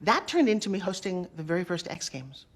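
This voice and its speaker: Lively woman telling stories. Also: on the low side. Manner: lively, acts out quoted dialogue, quick asides. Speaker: interview guest. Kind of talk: animated storytelling.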